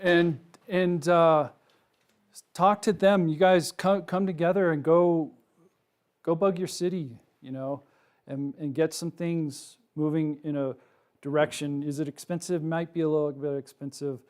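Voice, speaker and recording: A middle-aged man, a wildlife researcher, giving a public talk to a live audience, telling a personal story in a casual, animated way with lots of ums and likes. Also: fairly high pitch, a little slow. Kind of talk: public lecture with personal anecdote. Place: lecture room with a live audience.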